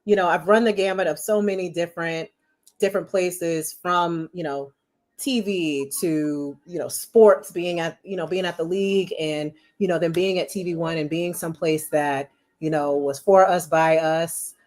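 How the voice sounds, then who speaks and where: Middle-aged woman guest, lowish voice, chatty storyteller who leans on "you know". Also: moderate pace. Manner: chatty, animated, many "you know" fillers. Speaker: podcast guest, marketing executive. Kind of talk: casual storytelling interview.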